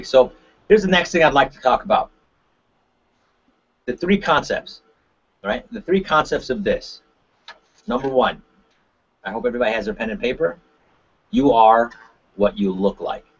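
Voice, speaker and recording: A man, a martial arts instructor, giving a webinar talk with lively examples and frequent "right?" tag questions. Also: mid-range voice, slightly rough. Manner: animated, acts out examples with shifting voices. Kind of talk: webinar presentation. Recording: dull lo-fi webinar audio.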